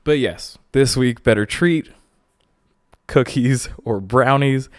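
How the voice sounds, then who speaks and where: A young man hosting a podcast, talking casually in animated, incredulous, jokey rants to his listeners. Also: medium pitch, takes it slowly, no echo, studio quality. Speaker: podcast host.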